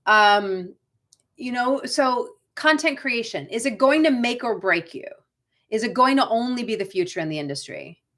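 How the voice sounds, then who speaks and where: A woman's voice: fairly high pitch, lively intonation, normal speed, fairly bright tone. A middle-aged woman with a Boston accent, hosting a live coaching chat for actors, talking casually and often tagging her points with a questioning "right?". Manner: chatty, frequent "right?" tag questions, reads viewer comments aloud. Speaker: acting career coach.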